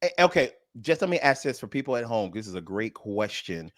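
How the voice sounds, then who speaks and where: Male radio co-host, lively delivery, dry studio sound, casual and jokey. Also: mid-range voice, brisk, dry recording. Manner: laughs loudly, says bro a lot.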